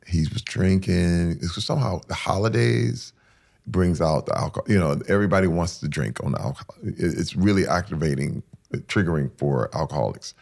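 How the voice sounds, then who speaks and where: Deep gravelly man telling a painful story. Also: animated, fairly quick. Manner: intense, acts out quotes, swings between hushed and loud. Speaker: podcast guest. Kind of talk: emotional storytelling interview.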